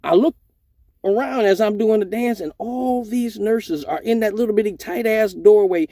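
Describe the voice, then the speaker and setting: A man's voice: high-pitched, normal speed, warm tone, no room sound. A young man telling a profane story casually, acting out other people's voices along the way.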